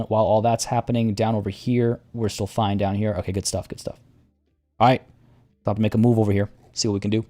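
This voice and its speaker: A male streamer chatting casually through a strategy game and talking to his units as he goes. His voice is dark and mellow at a middle pitch, with faint music under it. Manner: relaxed, chatty, talks to units. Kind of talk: casual gameplay commentary.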